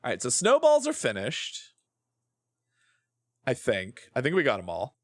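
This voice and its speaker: A man's voice: mid-range voice, wildly swooping pitch, unhurried, no echo, studio quality. A man streaming a game, chatting casually in a playful, rambling way and swearing often. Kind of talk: casual gameplay chat.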